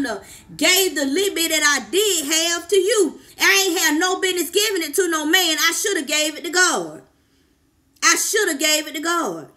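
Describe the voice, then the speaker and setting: A woman's voice: sits high, sharp tone. A woman life coach, preaching to camera with fervent, repetitive exhortations and calls of "come on, somebody".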